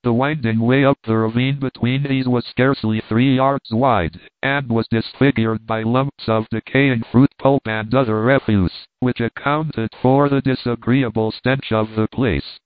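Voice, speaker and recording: A man narrates a story in a steady, measured voice of middling pitch. The sound is thin and phone-like, and it is dry and close, with no room around it. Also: no echo. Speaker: audiobook narrator. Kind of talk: scripted narration. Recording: tinny phone-like dry recording.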